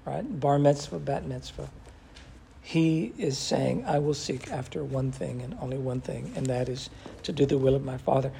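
A man's voice: mid-range voice, gravelly, warm tone, slightly rough. A man teaching an interactive Bible study who asks his class questions and quotes scripture expressively.

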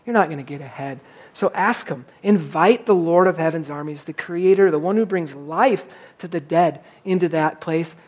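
Animated, self-mocking preacher man. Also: fairly high pitch. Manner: animated, self-mocking storyteller who acts out his frustration. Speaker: pastor. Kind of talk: sermon with a personal story.

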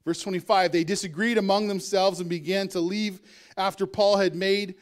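A man's voice: high voice, fairly even intonation, normal speed. A male pastor preaching a sermon in a conversational way, with asides and chuckles.

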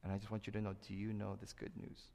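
A middle-aged man preaching a sermon as pastor, who acts out quotes in loud high bursts and sinks to a soft low voice for serious points. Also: monotone, fast, creaky. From Korea. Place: church sanctuary. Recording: long hall reverb.

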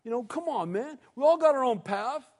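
A man's voice: very high voice, animated, a little fast, a little mellow, pitched above the performer's own voice. A preacher putting on a scoffing skeptic man. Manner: scoffing, casual. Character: dismissive modern man scoffing at faith. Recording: reverberant hall.

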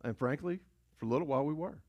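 Higher-voiced man preaching a sermon. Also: fast talker, dull audio. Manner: storytelling, repetitive, rhetorical questions and call-and-response. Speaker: pastor.

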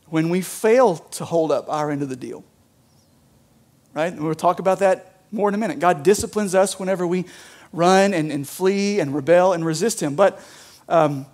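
Male pastor, higher register, relaxed conversational sermon delivery with a church mic. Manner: conversational, lots of "like" and "right?".

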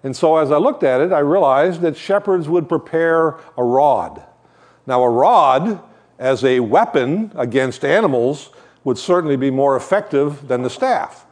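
A man's voice: on the high side, lively intonation, unhurried. An older man giving a sermon as a guest preacher, talking in a conversational way with joking asides while he shows shepherd props.

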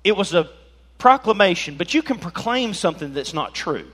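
Lively joking pastor guy, bright voice, kinda high. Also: moderate pace. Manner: animated, joking, swings from loud to soft. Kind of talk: sermon.

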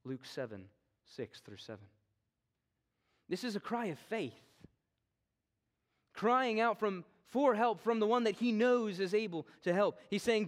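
A man preaching an expository sermon in an earnest way, his voice often sinking low and quiet at the ends of phrases. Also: expressive, a little slow, long pauses.

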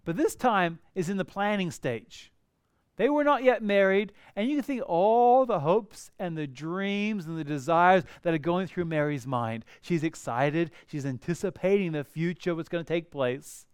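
A man preaching a sermon as a pastor, animated and conversational, with personal asides. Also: sits high, moderate pace, clean tone, no echo, studio quality.

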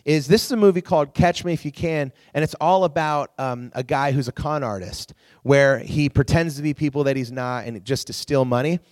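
An animated male youth pastor. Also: fairly high pitch, normal speed, hardly any pauses, no echo, studio quality. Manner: animated storytelling with acted-out quotes. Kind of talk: sermon to a youth group.

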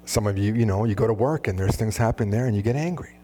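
A man preaching a sermon as pastor, conversational and animated, full of asides. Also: fairly low pitch, quick pace, slight background noise.

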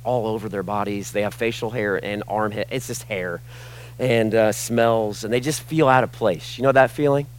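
A man preaching a sermon as pastor, impassioned, swinging between loud emphasis and hushed asides. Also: on the low side, poor audio.

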